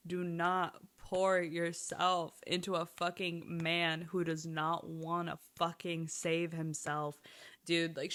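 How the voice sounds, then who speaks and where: A young woman chatting casually about a TV show, animated and swearing often, speaking in quick bursts. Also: on the low side. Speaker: TV recap vlogger. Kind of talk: casual chat.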